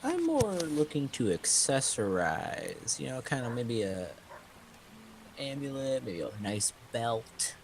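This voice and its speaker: Woman player, low voice, lively pitch, hesitant, faint background noise. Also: slow, rough recording. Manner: hesitant, self-correcting. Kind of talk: casual tabletop role-play.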